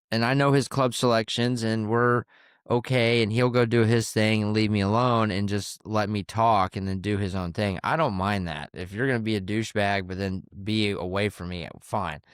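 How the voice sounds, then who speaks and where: A man's voice: fairly low pitch, clean tone, no echo, studio quality. A man who works as a caddie and hosts a podcast, telling stories from the course in a candid, conversational way and swearing casually. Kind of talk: casual storytelling.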